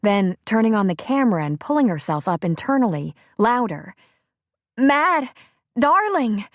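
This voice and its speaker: A woman narrating an audiobook in a measured, steady storytelling manner. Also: medium pitch, no echo, clean studio sound. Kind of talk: scripted narration.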